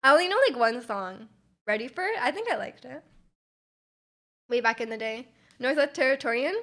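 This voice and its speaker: A woman's voice: a little high, lively intonation, moderate pace, sharp tone. A young Canadian woman streaming live, chatting casually with her viewers, giggling and rambling with many restarts.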